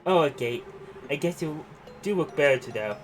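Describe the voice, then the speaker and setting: A man voicing a gruff, tough young man in a game, with rough, slangy, blustering talk. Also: on the high side, animated, normal speed, faint music behind, lightly acted. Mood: reassuring. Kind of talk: reading game dialogue aloud.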